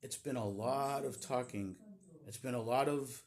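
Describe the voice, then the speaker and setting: A man's voice: medium pitch, a little slow, a little mellow. A man giving a casual, opinionated recap of a wrestling show in a chatty storytelling way. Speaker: wrestling vlogger.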